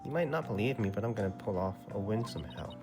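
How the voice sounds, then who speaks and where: Determined game lawyer, read flatly by a man. Low voice, game music behind. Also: fast talker. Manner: reads game text in a flat voice. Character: determined male defense lawyer.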